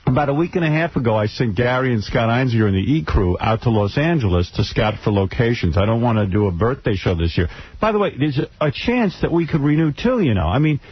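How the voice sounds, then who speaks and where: A man's voice: medium pitch, fast, few pauses, husky. A man hosting a radio show, telling wry, gossipy stories and bantering with his co-hosts. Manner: wry, gossipy, animated storytelling. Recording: dull lo-fi radio broadcast.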